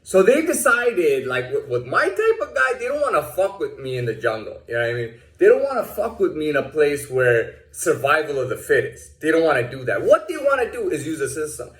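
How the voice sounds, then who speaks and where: A man tells his story in a rambling, foul-mouthed rant, stumbling over restarts. His pitch swings widely and sits a little high. The sound bounces around an echoey room. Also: very animated, fairly quick, hardly any pauses, a bit bright. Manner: profane, rambling, many restarts, acts out quotes in a higher voice. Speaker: vlogger telling a personal story. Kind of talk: casual rant.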